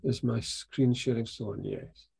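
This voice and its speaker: A middle-aged man, leading an online poetry workshop over a video call in an encouraging, unhurried way. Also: mid-range voice, steady tone, gravelly, mellow, husky. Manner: encouraging, unhurried, reads poems aloud.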